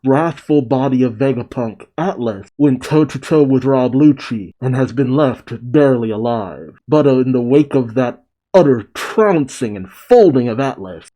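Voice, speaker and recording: A man's voice: mid-range voice, warm tone, low-quality recording. A man hosting a manga reaction, reading a comic chapter aloud with wry, musing asides.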